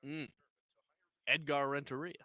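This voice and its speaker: A man's voice: fairly high pitch, unhurried, dry recording, clean studio sound. A man hosting a local sports radio show, chatting casually and telling stories while acting out the people in them. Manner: animated storyteller who acts out quoted people. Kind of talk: casual sports chat and storytelling.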